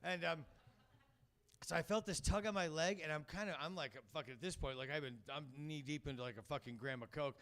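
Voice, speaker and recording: A man's voice: on the high side, a little fast, fairly bright tone. A man doing a stand-up set, telling rambling stories and acting out voices and sung bits. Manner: rambling storytelling, acts out voices and sings bits. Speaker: stand-up comedian. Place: comedy club stage.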